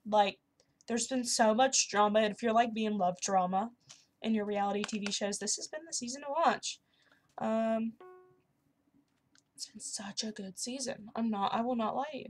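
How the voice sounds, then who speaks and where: A young woman chatting casually and excitedly while playing a video game. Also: a little high, normal speed. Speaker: gaming YouTuber. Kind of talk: casual commentary over gameplay.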